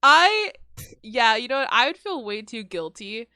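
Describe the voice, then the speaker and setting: A young woman co-hosts a casual podcast, breaking into giggles often. Her voice sits fairly high and is bright and lively, leaping up and down in pitch. The sound is close and dry, with no room around it. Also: a little slow, clean tone, dry recording. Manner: giggly, animated, laughs often. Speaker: podcast co-host. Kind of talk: casual chat.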